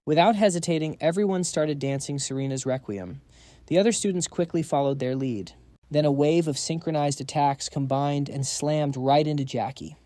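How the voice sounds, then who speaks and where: A man tells a comic story recap in a dramatic, slangy way. His voice sits slightly high and mellow, recorded dry and close. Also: moderate pace, dry recording. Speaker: narrator. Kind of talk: manhwa recap narration.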